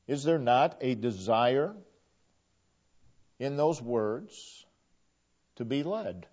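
A male preacher delivers a sermon at an unhurried pace, earnest and prone to repeating his phrases. His voice sits at an ordinary pitch. The recording sounds muffled and lo-fi. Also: a little mellow. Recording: dull lo-fi recording.

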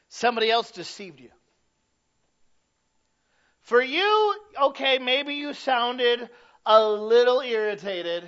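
A middle-aged man preaching a sermon, swinging from loud to hushed. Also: sits high, dull audio. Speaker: pastor.

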